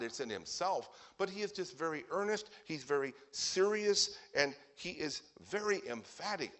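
A man in the pulpit, talking through a Bible passage with emphasis. His voice sits in a middle pitch. He keeps jumping into the voices of the people he describes. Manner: emphatic, acts out quoted speakers with a lively voice. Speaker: preacher. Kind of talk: sermon.

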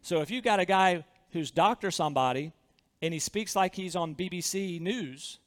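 A man's voice: high-pitched, normal speed, a bit bright, big-room sound. A man with a Southern accent preaching a sermon as pastor, earnest and emphatic, often repeating his phrases.

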